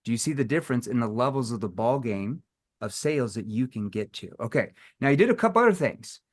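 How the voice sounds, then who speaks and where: Male sales coach, lively and theatrical, voices prospects mid-session. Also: mid-range voice, fast talker. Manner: animated, acts out phone calls with playful tones. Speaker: sales trainer. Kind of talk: live sales training session.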